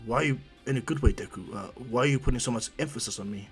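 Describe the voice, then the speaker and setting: A man voicing Tokoyami, a reserved, serious teenage boy who speaks low and subdued. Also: rapid-fire, breathy edge, soft background music.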